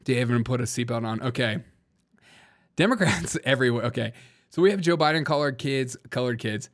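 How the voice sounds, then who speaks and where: A man's voice: medium pitch, brisk. A man with a Southern US accent hosting a comedy news show, rambling and laughing often at his own jokes. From Southern United States. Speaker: host.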